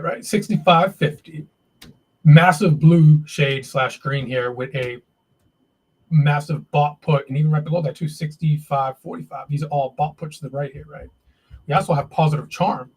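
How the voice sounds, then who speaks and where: A man hosting a live day-trading stream, muttering and cursing as he works the charts. His voice sits a little high and has a husky edge. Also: darkish tone, rough recording. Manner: frustrated, swearing, talking to himself while trading.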